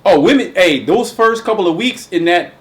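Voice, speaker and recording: A man's voice: sits high, lively intonation, moderate pace. A man hosting a casual religious commentary chat, talking emphatically and profanely with lots of restarts. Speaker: host.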